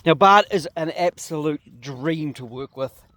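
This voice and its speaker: A man's voice: on the high side, a little slow, a bit bright. A New Zealand man who farms sheep, chatting casually outdoors in a paddock, explaining things and talking to his animals. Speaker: sheep farmer and video host. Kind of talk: casual outdoor farm vlog.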